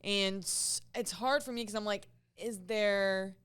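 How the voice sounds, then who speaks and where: A woman's voice: mid-range voice, unhurried, clean tone. A woman hosting a podcast, talking casually and with strong opinions, often getting emphatic. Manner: animated, opinionated, rising to emphatic outbursts. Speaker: podcast host.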